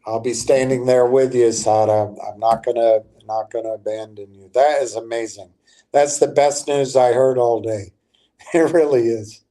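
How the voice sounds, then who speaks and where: In a steady, mellow voice of medium pitch, an older man rambles through stock commentary on his livestream. He stops and restarts haltingly as he speaks to his chat.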